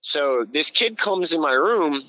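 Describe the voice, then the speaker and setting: Blunt, swearing man with a bright voice. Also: on the high side, expressive, unhurried, low-quality recording. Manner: blunt, heavy swearing, rambling restarts. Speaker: podcast guest. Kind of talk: casual storytelling.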